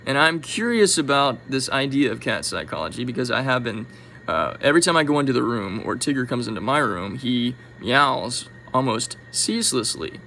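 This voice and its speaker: A man talking to camera in an animated, musing monologue, with sudden soft drops in his voice. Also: mid-range voice, moderate pace, creaky, a little hiss or hum, poor audio. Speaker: vlogger.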